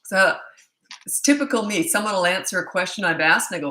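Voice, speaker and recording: A woman's voice: medium pitch, expressive, moderate pace, pushed and bright, roomy sound. An older woman from Canada, a parenting coach chatting casually on a livestream, self-mocking and laughing often. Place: at home in British Columbia.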